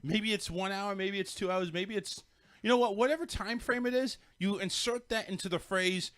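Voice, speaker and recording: Laughing a lot and swearing freely, this man hosts a relaxed podcast conversation full of jokes with his friends. His voice is high-pitched and moderately paced, and the sound is dry with no echo.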